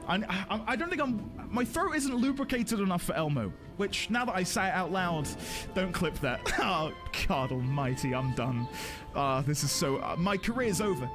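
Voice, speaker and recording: A woman streaming a game live, excitable and laughing often as she talks to her chat. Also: fairly low pitch, normal speed. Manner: excitable, squealing and laughing a lot. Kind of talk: casual live-stream chat while playing. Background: music.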